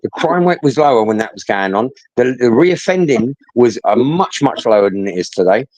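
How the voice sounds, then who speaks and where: A man's voice: mid-range voice, big pitch swings, moderate pace, darkish tone, no echo, poor audio. A middle-aged man, telling a story in casual chat, blunt and sweary, often repeating himself.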